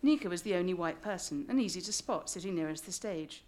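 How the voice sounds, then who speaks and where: A woman's voice: lowish voice, expressive, quick pace, darkish tone. English woman reading her memoir with wry asides. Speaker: author. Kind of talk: reading a memoir aloud to a live audience.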